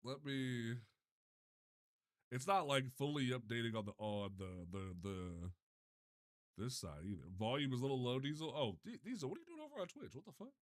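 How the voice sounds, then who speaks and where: A man's voice: medium pitch, animated, moderate pace. A young man hosting a casual live stream, flustered and swearing while he fixes his chat setup. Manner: flustered, swearing, restarts often. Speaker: livestreamer.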